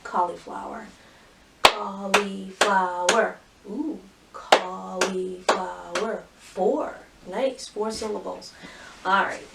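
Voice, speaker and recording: A woman teaching a phonics lesson to young children, cheerfully sounding out words and syllables slowly and clearly. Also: medium pitch, far from the mic, heavy background noise. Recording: roomy echo, voice from off mic.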